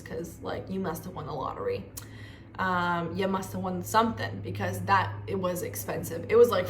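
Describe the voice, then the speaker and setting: Young woman vlogging, chatty and animated, says like a lot, roomy echo, mid pitch. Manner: chatty, animated, lots of 'like'. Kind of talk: casual storytelling vlog. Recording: echoey room with faint noise.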